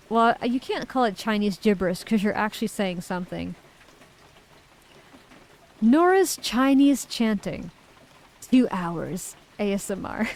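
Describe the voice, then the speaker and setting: A woman's voice: mid-range voice, low-quality recording. A woman streamer in casual chat, reading viewer messages aloud and giggling often.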